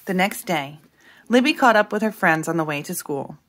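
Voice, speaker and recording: A woman reading a children's picture book aloud in an expressive narrating voice. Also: lowish voice, moderate pace. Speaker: storybook reader.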